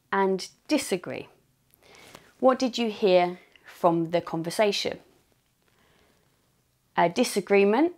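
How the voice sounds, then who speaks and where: Slow, gravelly woman teaching English. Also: lowish voice. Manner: slow, deliberate, repeats example phrases. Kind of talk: online English lesson.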